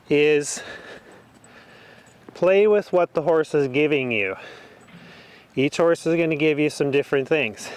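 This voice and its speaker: A man training a horse outdoors, talking the viewer through each step in a relaxed, casual way. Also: fairly high pitch, clean tone. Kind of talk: casual instruction while working a horse.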